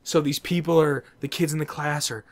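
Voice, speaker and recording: A man's voice: fairly high pitch, steady tone, a little fast, dry recording. A man in his twenties, a podcast host, telling a story in casual chat, swearing and laughing as he goes.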